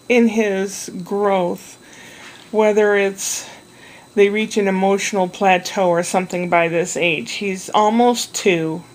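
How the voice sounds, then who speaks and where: In a mid-range voice, a woman vlogger chats in a loose, wandering way about her day spent minding a toddler. The audio is poor.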